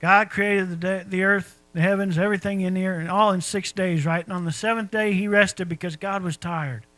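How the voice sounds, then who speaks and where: A man's voice: high voice, steady tone, brisk, sharp tone, dry recording, poor audio. A man preaching a sermon in a folksy, conversational way, asking his listeners rhetorical questions. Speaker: pastor.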